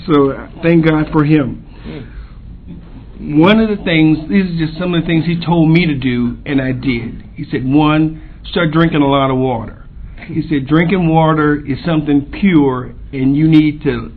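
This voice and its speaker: A man sharing his recovery story at a convention, halting with pauses and fillers. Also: on the high side. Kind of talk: personal recovery share. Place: convention meeting room. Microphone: podium microphone. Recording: tinny lo-fi tape with faint hiss.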